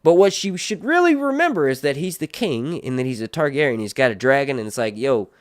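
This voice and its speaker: Male stream host, rambling and crude, lively up-and-down delivery, slightly high voice. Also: no echo, studio quality. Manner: rambling, crude joking, goes off on tangents. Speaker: host of a TV show review stream. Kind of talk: casual live-stream chat.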